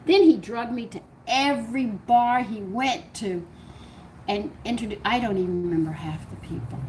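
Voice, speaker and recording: A woman's voice: a little high, moderate pace, background noise. An older woman hosting a cooking channel, rambling through a personal story to her viewers, laughing often and acting out what people said. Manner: chatty, rambling, laughs often, acts out dialogue.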